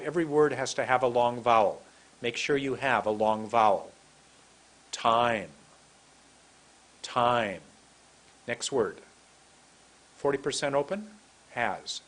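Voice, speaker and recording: A man from San Francisco teaching English pronunciation, repeating words slowly and deliberately. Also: mid-range voice. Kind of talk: slow demonstrative lesson.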